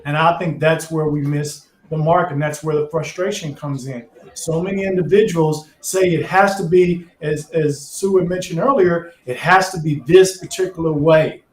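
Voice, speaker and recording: A man's voice: fairly high pitch, steady tone, normal speed, hardly any pauses. A man speaking earnestly and reflectively as a guest in a panel talk. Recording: roomy echo.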